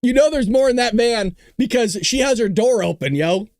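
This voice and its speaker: A man hosts a casual political news show, talking with a lot of sarcasm and frequent laughter. His pitch moves around a lot as he mocks what he is reporting, and the sound is dry and close with no room echo. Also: lively intonation, normal speed, a little mellow. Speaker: host.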